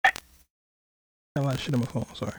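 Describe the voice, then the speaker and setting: Guy hosting a podcast, rambly, curses a lot, laughs while he talks, normal pitch. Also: moderate pace, a bit bright, husky, no echo, low-quality recording. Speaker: podcast host. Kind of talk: casual chat.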